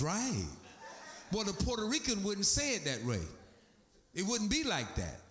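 A man preaches a sermon from the pulpit with emphatic, animated delivery. His fairly high voice swoops up and down as he drives each point home. The sound carries the echo of a large church room. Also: measured pace. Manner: emphatic preaching with sweeping pitch swings. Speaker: pastor. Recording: echoey room.

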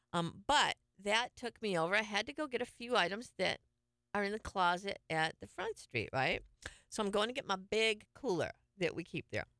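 A middle-aged woman hosts a casual morning radio show, telling chatty stories and laughing often. Her medium-pitched voice is sharp, clear and resonant, captured in a dry, clean studio recording.

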